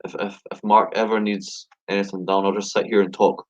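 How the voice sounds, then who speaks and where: A man in his twenties, a rapper guest, chatting loosely after a couple of drinks and drawling slowly. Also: lowish voice, flat delivery. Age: 20s. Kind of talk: casual chat. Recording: dull lo-fi sound.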